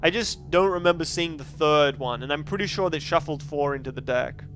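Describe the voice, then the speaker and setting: A man's voice: fairly high pitch, a little fast, a bit bright, soft background music. A man streaming a card game, chatty and joking as he thinks aloud about his choices. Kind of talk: casual game commentary.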